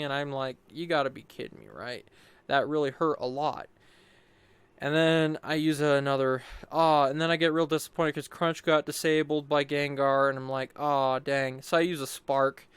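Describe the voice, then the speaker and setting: A man's voice: on the high side, a bit bright, clean tone, dry recording. A young man casually recapping his gameplay in a rambling, upbeat way, full of fillers and quoted asides. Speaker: gaming YouTuber.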